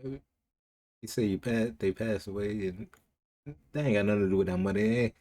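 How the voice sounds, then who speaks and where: A man's voice: fairly low pitch, normal speed. Cursing, incredulous man reacting live. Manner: loud incredulous outbursts, heavy cursing, slang. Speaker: streamer reacting to a video.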